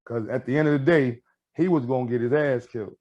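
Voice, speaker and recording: A man's voice: mid-range voice, fast, lo-fi sound. A man telling stories in a casual podcast chat, acting out what people said. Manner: storytelling, animated, acts out quotes.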